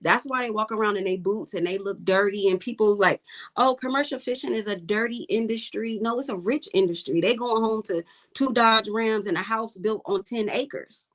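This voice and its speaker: In a casual interview, a commercial fisherwoman speaks as a guest in a mid-range voice at a moderate pace with few pauses. Blunt and emphatic, she says her points more than once to drive them home.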